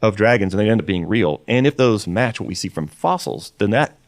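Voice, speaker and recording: A man's voice: fairly low pitch, expressive, fairly quick, no room sound. A man talking earnestly in an interview discussion, often restarting his sentences. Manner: earnest, with repeated false starts. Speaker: guest on a creationist video.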